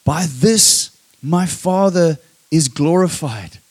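A man's voice: a little high, takes it slowly, slightly rough. Emphatic male preacher calling for amens. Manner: emphatic, calls for "Amen?" from the congregation. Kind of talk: sermon.

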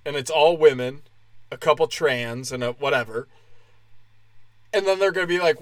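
A man doing crude stand-up, brash and profane, slipping into mocking high-pitched impressions and sounding a little tipsy. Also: expressive, moderate pace, no room sound. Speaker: stand-up comic.

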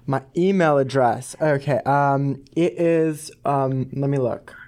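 A man putting on a flustered male caller with an odd put-on accent, forever stalling with ums and half-finished words. He fumbles through every answer in a middling pitch as if he can never find what he needs. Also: takes it slowly, a little mellow, natural voice. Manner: hesitant, stalling, full of ums and restarts. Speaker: prank caller. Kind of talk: prank phone call.

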